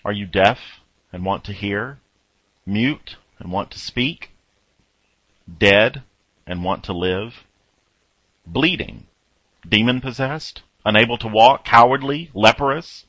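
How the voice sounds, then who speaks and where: Low-voiced guy preaching real slow, paints a scene for you bit by bit, dry close sound. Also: fairly bright tone, no echo, rough recording. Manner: slow, measured, with dramatic pauses between phrases. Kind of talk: reflective sermon in guided second-person imagery.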